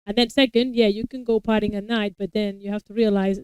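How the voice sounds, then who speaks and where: Smooth-voiced woman chatting at length. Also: medium pitch, fairly even intonation, fairly quick, darkish tone, dry recording, muffled recording. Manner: long talkative explanations with frequent restarts. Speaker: co-host reacting to a TV episode; parent of young children. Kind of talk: casual chat.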